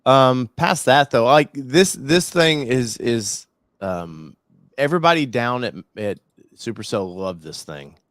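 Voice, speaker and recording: A man hosting a live talk show, chatting casually in a rambling, excitable way with frequent restarts. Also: medium pitch, slow, dry recording. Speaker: show host. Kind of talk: casual chat.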